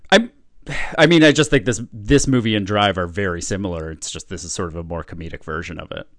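Blunt, low-voiced man reviewing a film. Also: fast talker, fairly bright tone, no room sound. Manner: blunt, profane, laughs while talking. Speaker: podcast co-host. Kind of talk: casual film review chat.

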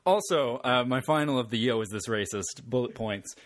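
A man's voice: medium pitch, moderate pace, no room sound, studio quality. A man co-hosting a casual movie podcast, chatty and laughing, with lots of fillers and restarts. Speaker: podcast co-host.

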